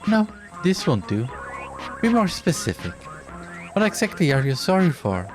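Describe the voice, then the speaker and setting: A man's voice: mid-range voice, big pitch swings, unhurried, music in the background. A man voicing a gleeful, sadistic male game-show presenter while reading game dialogue aloud, in a mock-cheerful, theatrical announcing manner.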